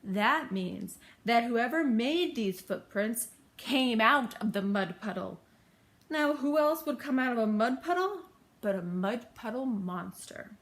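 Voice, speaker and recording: A woman's voice: a little high, expressive. Woman doing a pompous great detective. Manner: grand, declaiming, slow and emphatic. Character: pompous self-proclaimed great male detective.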